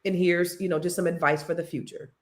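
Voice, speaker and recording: A woman's voice: lowish voice, fairly even intonation, fast talker. A middle-aged woman from California co-hosting a casual chat show, teasing and laughing often. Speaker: co-host.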